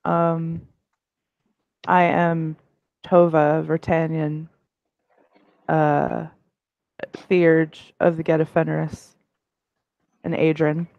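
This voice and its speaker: A player voicing a reserved young werewolf woman in a tabletop game, speaking slowly and quietly. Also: medium pitch, level tone, vocal fry, no room sound, muffled recording, pitched below the performer's own voice. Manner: slow, measured and quiet.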